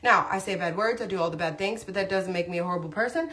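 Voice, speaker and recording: A woman's voice: fairly low pitch, fast talker, fairly bright tone. A woman chatting casually on a livestream, rambling through a story with lots of asides while doing her makeup. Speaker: livestream host, mom.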